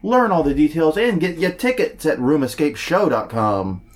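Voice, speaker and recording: A man's voice: on the high side, moderate pace. Guy cohosting a podcast, cracks jokes reading event listings, voice bounces all over. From New Orleans. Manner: jokey, self-deprecating, animated. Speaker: podcast co-host.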